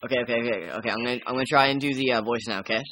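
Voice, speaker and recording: A man's voice: mid-range voice, racing, sharp tone, slight background noise. A young man casually messing around with a friend, rambling, giggling and swearing. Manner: rambling, giggly and crude, with many fillers.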